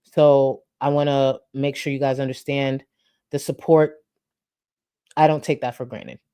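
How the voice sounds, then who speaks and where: A woman's voice: very deep voice, fairly even intonation, unhurried, mellow, clear, resonant tone, no room sound, studio quality. Tired, grateful woman host signing off. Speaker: commentary channel host. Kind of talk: casual sign-off talk to viewers.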